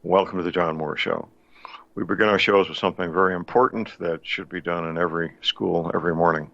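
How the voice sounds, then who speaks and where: A man hosting a radio talk show in a folksy, deliberate way, with frequent pauses and fillers. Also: deep voice, steady tone, fairly bright tone. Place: home studio in the Missouri Ozarks. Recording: dull lo-fi dry studio sound.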